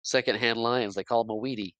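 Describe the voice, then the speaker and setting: A man's voice: medium pitch, steady tone, fast talker, a bit bright, dry recording. A man co-hosting a podcast, chiming in with short agreements and jokes and chuckling a lot. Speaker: podcast co-host. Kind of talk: casual movie recap chat.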